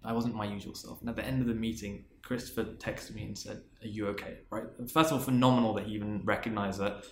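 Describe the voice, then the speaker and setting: Earnest low-voiced man telling a story. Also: fairly even intonation, quick pace, hardly any pauses, roomy sound, slight background noise. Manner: earnest, restarts and repeats words. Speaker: interview guest, marketing executive. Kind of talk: reflective storytelling in conversation.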